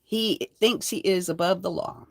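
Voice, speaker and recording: An older woman hosting her own channel, delivering a defiant, profane rant to the camera. She moves between low mutters and loud, heated outbursts. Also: measured pace, no room sound, studio quality. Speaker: channel host. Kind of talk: angry livestream rant.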